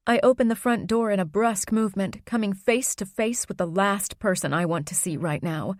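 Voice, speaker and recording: A woman reading a first-person audiobook in an even, measured narration. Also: lowish voice, creaky, no echo, studio quality.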